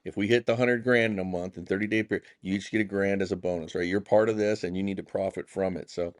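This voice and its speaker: A man, a contractor and pastor, telling stories casually as a podcast guest, acting out the dialogue in animated bursts with folksy phrasing. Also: deep voice, fast, dry recording, clean studio sound. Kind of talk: casual storytelling interview.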